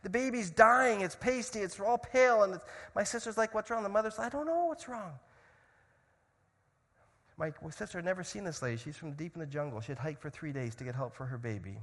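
A man gives a sermon in a church. He speaks in a fairly high voice and swings from loud, urgent stretches to hushed storytelling. A long hall reverb trails behind him. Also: fast, few pauses. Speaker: missionary speaker.

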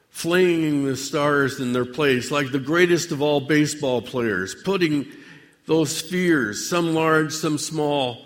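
Slow, theatrical preacher man in a hall. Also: mid-range voice. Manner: slow, measured, theatrical delivery with long pauses. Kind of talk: dramatic sermon monologue addressed to God.

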